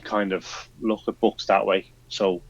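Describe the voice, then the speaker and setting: A man's voice: deep voice, flat delivery, a little slow, vocal fry, slightly rough. Hesitant man on a dull mic. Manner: thoughtful, hesitant, lots of fillers. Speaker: player. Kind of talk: playing a tabletop game.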